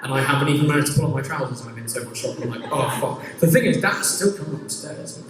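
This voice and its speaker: A man's voice: mid-range voice, lively intonation, rapid-fire. A young man performing stand-up, telling a rambling, self-mocking story full of restarts, recorded in a comedy venue. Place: comedy venue with a laughing audience. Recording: roomy hall audio from far off, loud audience noise.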